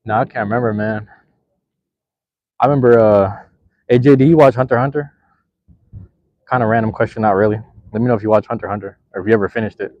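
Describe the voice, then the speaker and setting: A young man hosting a live stream, chatting with viewers in a relaxed, slangy, rambling way. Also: on the low side, quick pace, pauses often, dry recording, highs cut off. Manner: laid-back, slangy, rambling. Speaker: livestream host. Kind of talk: casual live chat with viewers.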